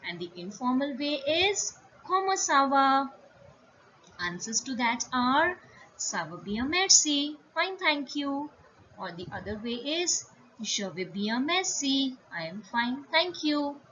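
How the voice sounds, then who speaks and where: A woman teaching a French lesson, speaking slowly and carefully and repeating and spelling out each phrase. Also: high voice, big pitch swings, bright, forceful tone. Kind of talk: slow spoken language lesson. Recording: dull lo-fi sound with faint room noise.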